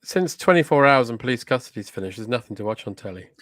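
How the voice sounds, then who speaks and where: A man co-hosts a comedy show with dry, deadpan quips. He talks fast. The recording is close and dry, with no room echo. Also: medium pitch. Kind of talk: casual comedic chat.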